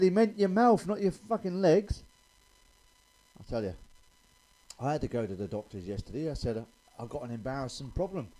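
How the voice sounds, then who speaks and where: A man's voice: mid-range voice, dark tone, rough recording. A man telling blunt, sweary stand-up jokes in a chatty way. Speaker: stand-up comedian.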